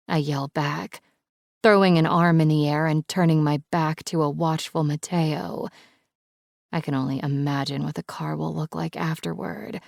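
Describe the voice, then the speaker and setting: A woman's voice: low-pitched, steady tone, moderate pace, vocal fry, no echo, clean studio sound. A woman narrating an audiobook in the first person, with a dramatic, emotional delivery.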